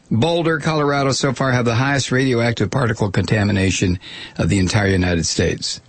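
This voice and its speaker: A man's voice: mid-range voice, brisk, slightly rough, no echo. A man giving an informal spoken commentary, wry and sardonic, with offhand asides.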